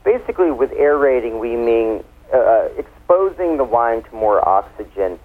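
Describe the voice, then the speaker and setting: A man's voice: mid-range voice, sing-song, normal speed. A man, a wine expert guest, explaining things in a chatty, playful way during a casual radio interview. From United States. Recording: tinny phone line.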